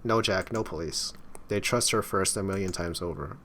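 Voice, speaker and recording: A worried but determined young woman who speaks with urgency, as a man reads her lines. The voice stays low and plain, with little put-on change. Faint noise runs behind it. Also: normal speed, fairly bright tone. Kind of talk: reading game dialogue aloud.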